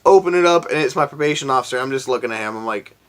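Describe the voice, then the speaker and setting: A man's voice: mid-range voice, animated, very fast, a bit bright. A young man from Florida telling a story to camera in a casual, profane, laid-back way, often raising his voice to quote himself. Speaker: vlogger.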